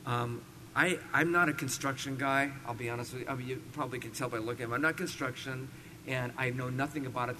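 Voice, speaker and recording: A high-pitched, bright-voiced man from California preaching through a personal story. He is self-deprecating at first, then rises to emphatic, animated bursts, with faint room ambience behind him. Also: slight background noise. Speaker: preacher sharing a testimony. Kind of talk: storytelling sermon.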